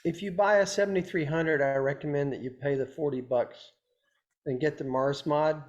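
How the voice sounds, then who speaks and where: A man's voice: fairly high pitch, steady tone, normal speed, muffled recording. A man presenting in a video call meeting, who talks in a plain, technical way. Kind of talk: Zoom meeting discussion.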